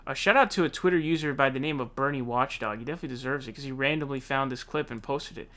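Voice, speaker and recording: A man's voice: medium pitch, fast, pushed and bright. A man hosting a political commentary show, ranting casually in a heated, profane, slangy way.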